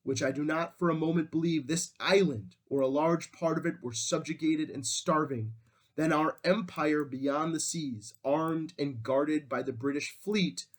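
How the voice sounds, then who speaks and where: A man reading aloud as a defiant male wartime leader, delivering a rousing speech with solemn, measured oratory. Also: a little high. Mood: resolute.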